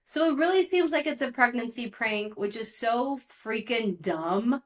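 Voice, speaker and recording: A woman's voice: on the high side, animated, measured pace. A young woman hosting a podcast, recapping pop culture gossip in a chatty, exasperated way and saying "like" often. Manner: chatty and exasperated, heavy use of "like". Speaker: podcast host.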